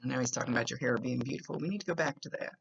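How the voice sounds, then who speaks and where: A woman's voice: rumbling low, very fast, creaky, husky. A woman working as a psychic medium, talking casually and rambling to a client as she gives a reading, with a smoker's cough. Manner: chatty, rambling, stops and restarts. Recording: dull lo-fi recording.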